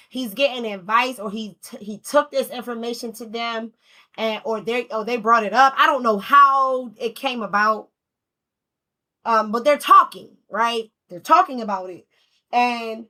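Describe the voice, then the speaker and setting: Bright-voiced woman giving a chatty tarot reading. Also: on the high side. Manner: chatty, swears freely, laughs often. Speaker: tarot reader.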